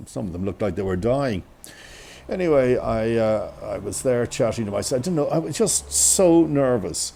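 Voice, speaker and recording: A man telling a comic tale with self-mocking energy. His voice is warm and gravelly, and his pitch swings widely. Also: animated, moderate pace, a little hiss or hum. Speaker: storyteller. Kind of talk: comic storytelling.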